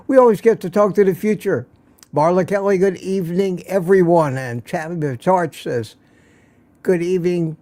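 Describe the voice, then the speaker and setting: A friendly man hosts a casual evening livestream from home, reading names from the chat and joking along. His voice sits a little high for a man, with a mellow, soft-edged tone. He talks loosely and easily, with no script. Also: dry recording. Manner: chatty, greets viewers by name with small jokes. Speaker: livestream host.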